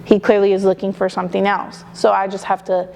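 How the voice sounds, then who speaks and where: Young mom chatting candid in an interview, lots of you-knows, gravelly fry in her voice, middle pitch. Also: monotone, fairly quick, a little mellow, slight background noise. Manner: chatty and candid, many "you know" and "like" fillers. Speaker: interviewee, mother. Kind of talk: casual interview talk.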